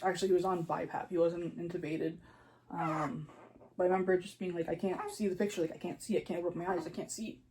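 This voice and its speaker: A young woman with a mellow, warm voice tells a personal story casually. She talks in a chatty way, with lots of fillers, and acts out what she said in the moment. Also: fairly low pitch, slight background noise, rough recording. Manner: chatty, lots of "like", re-enacts her own panicked lines. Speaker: new mother telling her birth story.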